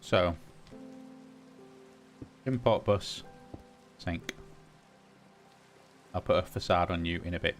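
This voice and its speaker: A man hosting a relaxed gaming session, thinking aloud and chatting to the items he crafts. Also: low voice, slow pace, pauses often, faint music behind. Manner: muses aloud, talks to game items. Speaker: gaming channel host. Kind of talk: casual gameplay commentary.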